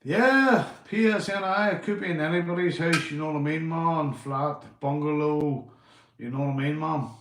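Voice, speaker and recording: A Northern Irish man live-streaming from home, chatting casually, swearing and giving shout-outs to his viewers. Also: fairly high pitch, moderate pace, reverberant. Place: indoors at home.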